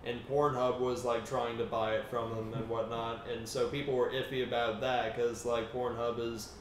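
A man's voice: mid-range voice, flat delivery, moderate pace. A man co-hosting a podcast, rambling casually and swearing freely. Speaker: podcast co-host. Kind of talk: casual chat. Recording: distant mic, roomy echo, faint noise.

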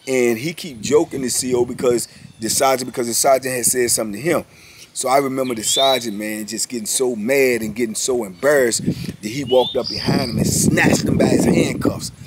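A man's voice: medium pitch, steady tone, brisk, noisy background. A man in his fifties telling a story about his past in casual, slangy speech, leaning on emphatic repeated phrases.

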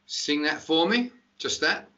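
Bright-voiced male singing teacher. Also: a little high, expressive, unhurried, faint music behind. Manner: explains and corrects step by step with brief praise. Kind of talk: online singing lesson coaching. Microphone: video call. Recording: dull distant video-call audio.

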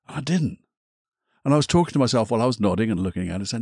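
A middle-aged man, a hypnotherapist hosting his own podcast, telling a personal story in a reflective, candid way with casual swearing and halting pauses. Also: mid-range voice, animated, a little mellow, slightly rough, dry recording, clean studio sound.

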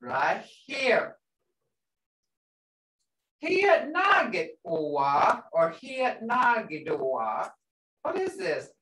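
A woman's voice: mid-range voice, a bit bright. A woman teaching a language class, patiently repeating words and sounds for her students. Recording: roomy sound from a distance.

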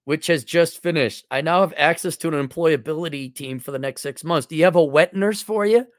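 A man's voice: fairly high pitch, brisk, no echo, clean studio sound. A male host reading a viewer's letter aloud and answering it with blunt, mocking sarcasm.

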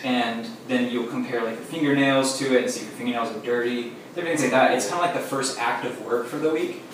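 A man talks a small group through a teaching in an easygoing way, pausing on "um"s as he explains. He sounds set back from the mic in a very echoey room, with faint noise underneath. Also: mid-range voice, distant mic. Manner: relaxed, filler-heavy explaining. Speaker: teacher leading a Sabbath demonstration.

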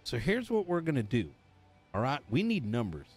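A young man role-playing a bossy gang leader in a game, talking fast with casual swearing. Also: medium pitch, huge pitch swings, husky, faint music behind. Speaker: streamer playing a gang boss. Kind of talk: in-character role-play and casual outro.

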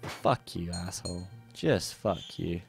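Cursing gamer yelling at his game. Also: sits low, slow pace, vocal fry. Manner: swearing, yelling angrily at enemies. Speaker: gaming channel host. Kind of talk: let's play commentary. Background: faint game music.

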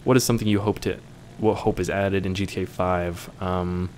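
A man's voice: deep voice, steady tone, moderate pace, darkish tone, a little hiss or hum. A young man reading viewer questions aloud and answering them in a casual, joking way, swearing now and then.

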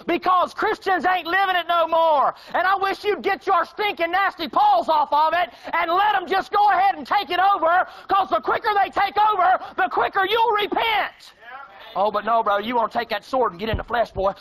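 A man preaching a fiery, folksy sermon. He mocks his listeners and swings between shouting and hushed tones. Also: very high-pitched, normal speed, poor audio.

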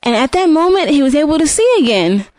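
A woman's voice: sits high, sing-song, fast talker, darkish tone, no echo. A woman retelling a fairy tale from memory, often restarting and repeating words as she goes. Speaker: storyteller. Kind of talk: unscripted storybook retelling.

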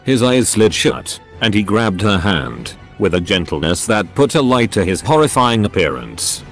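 Lively, low text-to-speech male narrator. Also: moderate pace, few pauses, faint music behind. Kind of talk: synthetic voice reading a story.

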